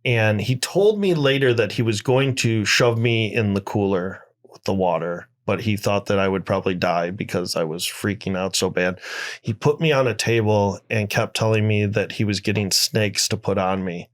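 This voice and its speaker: A man being interviewed on a podcast, telling his story in halting bursts with many restarts. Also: fairly low pitch. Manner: halting, many restarts, recounting a harrowing experience. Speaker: interview guest.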